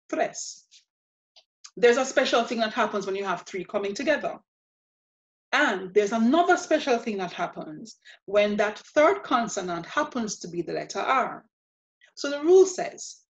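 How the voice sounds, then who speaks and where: Patient woman teaching, dull lo-fi sound. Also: mid-range voice. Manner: patient, methodical, repeats words slowly. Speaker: Spanish teacher. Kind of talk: spoken grammar lesson.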